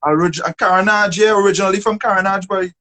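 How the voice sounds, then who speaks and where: A man's voice: high-pitched, steady tone, fast talker, pushed and bright. A man co-hosting a live online chat, chiming in eagerly and repeating himself. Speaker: co-host.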